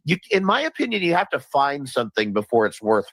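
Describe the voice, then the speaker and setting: A man with a bright, tense tone and a lively, wide-ranging pitch who questions the others' claims, pausing on fillers. The recording is dry and close. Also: no room sound. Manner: measured, questioning, hesitant fillers. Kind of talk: casual argument on a call.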